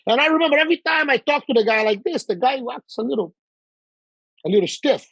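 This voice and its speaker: A man from Brazil with a Brazilian accent, telling lively anecdotes in casual chat with quoted dialogue. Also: very high voice, fast, creaky, husky, dry recording, poor audio.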